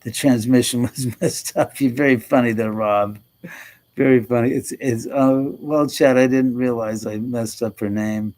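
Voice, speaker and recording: A man's voice: medium pitch, fairly even intonation, unhurried, darkish tone, rough recording. A middle-aged man hosting a casual livestream, chatting with viewers, laughing often and swearing freely. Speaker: livestream host. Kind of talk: casual livestream chat reading comments.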